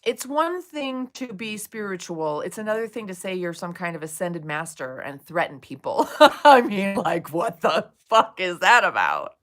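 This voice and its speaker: A woman's voice: fairly low pitch, very animated, normal speed, a bit bright. A woman streaming live, chatting casually with viewers, swearing freely and soothing them by turns. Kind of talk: casual livestream chat.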